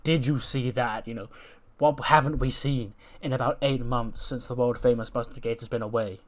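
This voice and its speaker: A cocky, bullying wrestler barks orders at his teammates and threatens to send them back to irrelevancy, as a man reads his promo aloud. He speaks at a middling pitch, bragging and lecturing. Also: fairly even intonation, moderate pace, close to an everyday voice. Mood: boastful. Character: arrogant male wrestler berating his teammates.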